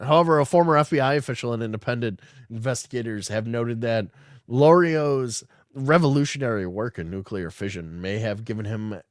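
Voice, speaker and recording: A man's voice: medium pitch, dry recording, clean studio sound. A man hosting a casual podcast, reading news aloud and riffing on it in a rambling, sarcastic way with frequent swearing. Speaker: podcast host.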